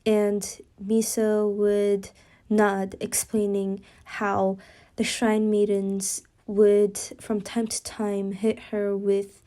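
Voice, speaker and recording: A woman's voice: medium pitch, completely flat delivery, extremely slow, dark tone. A young woman casually narrating a fan story she makes up as she goes, rambling with fillers and self-corrections.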